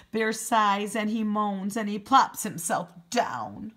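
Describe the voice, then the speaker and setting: A preschool teacher, a woman, reading a picture book aloud to young children, gently asking them questions and explaining words. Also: on the low side, slow pace, hardly any pauses.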